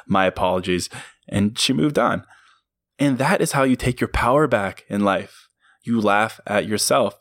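A man's voice: fairly low pitch, no echo, clean studio sound. A man hosting a motivational solo podcast, talking earnestly and emphatically and breaking into laughs as he goes. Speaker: podcast host.

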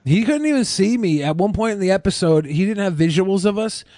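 Man, podcast co-host, high voice, mocking, rambling, dry close sound. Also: animated, fairly quick, dark tone, no echo. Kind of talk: casual chat.

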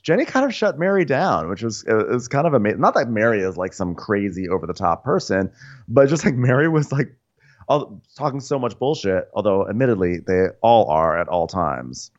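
A man's voice: lowish voice, big pitch swings, normal speed. A man co-hosting a podcast, recapping with wry asides and laughter. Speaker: podcast co-host. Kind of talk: casual recap chat. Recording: dull, muffled sound.

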